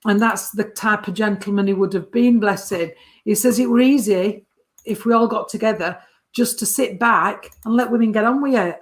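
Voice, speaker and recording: A woman with a mid-range voice, speaking at a normal pace, gives a medium's reading from a photo. She uses warm endearments, calling the sitter sweetheart and darling.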